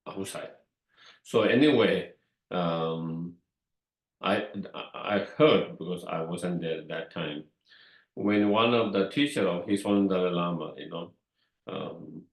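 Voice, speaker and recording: Slow, halting man giving a dharma talk. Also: low-pitched, vocal fry. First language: Tibetan. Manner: slow and halting, with frequent fillers and repetitions. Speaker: Buddhist teacher. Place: meditation hall. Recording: echoey room.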